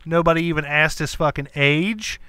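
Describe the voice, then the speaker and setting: Profane, animated male podcast host. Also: on the high side, moderate pace, smooth, no echo. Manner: profane, animated storytelling with acted-out quotes. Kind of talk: casual chat.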